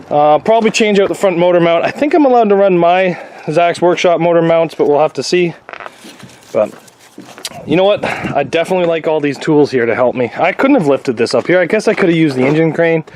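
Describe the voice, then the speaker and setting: A man vlogging from his workshop, talking to himself and his viewers in a chatty, excitable way with jokes as he works. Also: fairly high pitch. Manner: chatty, excitable, jokey self-talk. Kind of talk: casual workshop vlog. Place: garage workshop. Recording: noisy workshop.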